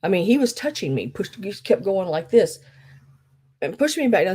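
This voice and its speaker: A woman's voice: mid-range voice, sing-song, moderate pace, mellow, husky. A woman hosting a live online sale, telling rambling, chatty stories full of fillers. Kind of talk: casual live-sale chat.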